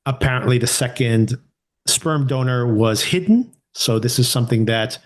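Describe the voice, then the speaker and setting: A man's voice: mid-range voice, lively intonation, normal speed. Male podcast co-host, easygoing mid-range voice, conversational reviewer who muses and questions as he goes. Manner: conversational, thinking aloud with restarts and rhetorical questions. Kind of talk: casual TV review chat.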